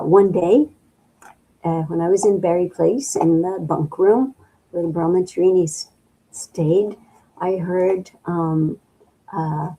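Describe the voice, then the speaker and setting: An older woman from the midwestern US recalls her past in an interview, her voice low and gravelly with a husky edge. She talks slowly and thoughtfully, pausing often and filling the gaps with soft fillers. Her tone is dark and mellow. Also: low-quality recording. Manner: slow and reflective, with many pauses and fillers. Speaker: interview guest. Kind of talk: reminiscing in an interview.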